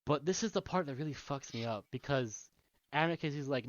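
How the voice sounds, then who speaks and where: A man's voice: mid-range voice, lively intonation, brisk, no echo. A man co-hosting a casual podcast, rambling through a video game's story with plenty of swearing and laughter. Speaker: podcast co-host. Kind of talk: casual chat, retelling a video game story. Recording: dull lo-fi podcast mic.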